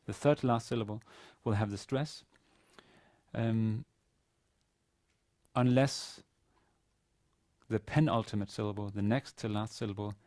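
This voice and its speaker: A man's voice: lowish voice, a little mellow, no room sound, clean studio sound. A man teaching a university class on classical Arabic grammar, explaining step by step with frequent fillers and restarts. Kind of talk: recorded university lecture.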